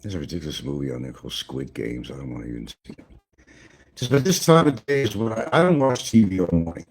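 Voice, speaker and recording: A man's voice: deep voice, lively intonation, quick pace, darkish tone, husky. An older American man chatting casually on a livestream from his home, rambling and chuckling as he answers chat comments. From United States. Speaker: livestream vlogger. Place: home in the central Philippines.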